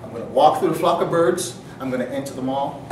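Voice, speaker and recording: A man's voice: mid-range voice, fast talker, a little mellow, slight background noise. A man telling a comic story to an audience in a mock-outraged, earnest manner. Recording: roomy, distant mic, faint ambience.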